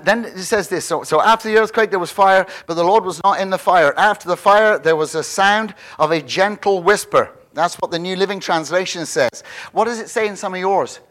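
A man's voice: high-pitched, fairly bright tone. A man preaching a sermon in a conversational way, often repeating words as he stresses a point.

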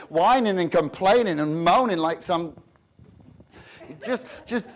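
A male pastor delivering a sermon, his voice sitting notably high for a man. He preaches in an animated, chatty way, stumbling over repeated words and breaking into laughter between points. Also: takes it slowly, long pauses. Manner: animated, conversational preaching with frequent repetitions and laughs.

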